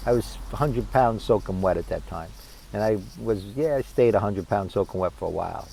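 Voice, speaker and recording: A man, telling a funny personal story in a lively, salty, conversational way. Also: on the low side, slight background noise, rough recording. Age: 60s. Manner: animated, conversational, profane.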